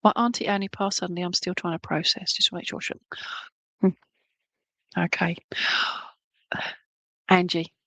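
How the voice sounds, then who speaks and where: A woman's voice: fairly low pitch, level tone, a little slow, long pauses, fairly bright tone, dry recording. A woman working as a medium, giving a chatty, reassuring clairvoyant reading at a church service and often checking in with her listeners.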